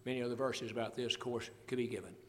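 A man's voice: medium pitch, quick pace, fairly bright tone, long reverb tail, a little hiss or hum. An older man preaching a sermon, expounding scripture in an earnest, folksy way. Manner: earnest Bible exposition, folksy asides, quoting scripture.

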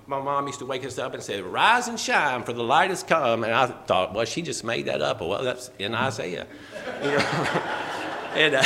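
A man's voice: mid-range voice, fairly bright tone, long reverb tail, a little hiss or hum. A man preaching a sermon in a church, fervent, repeating key phrases and chuckling between them.

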